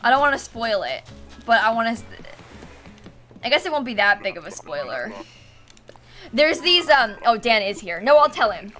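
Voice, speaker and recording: Bright-voiced young woman streamer. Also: on the high side, very animated, normal speed, long pauses, faint music behind. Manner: chatty, giggly, pleading and exclaiming at the game. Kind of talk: casual live-stream chat while gaming.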